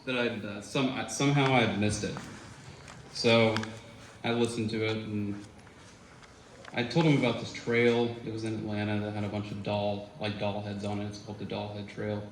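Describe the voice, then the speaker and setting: This man's voice sits on the low side and keeps a level tone at a normal speed. A former student at a memorial tribute, he tells relaxed stories full of fillers and quoted voices, recorded in an echoey room with a little background noise.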